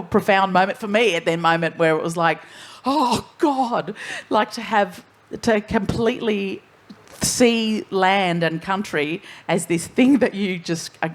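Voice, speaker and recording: An Australian woman speaking frankly on a festival panel, wandering through her points and swearing casually. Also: on the low side. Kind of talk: candid panel talk.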